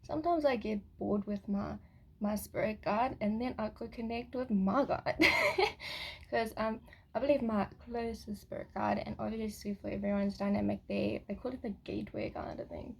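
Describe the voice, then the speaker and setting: Chatty woman musing about spirit stuff, husky and kinda gravelly, keeps laughing. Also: medium pitch, normal speed. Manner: rambling, giggly, casual swearing. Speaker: spiritual vlogger. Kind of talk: casual rambling monologue.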